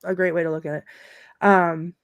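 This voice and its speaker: A woman's voice: on the low side, flat delivery, normal speed, clear, resonant tone, dry recording. Giggly woman chatting, dry close sound. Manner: giggly, reads movie quotes aloud with relish. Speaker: podcast panelist and teacher. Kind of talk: casual podcast chat.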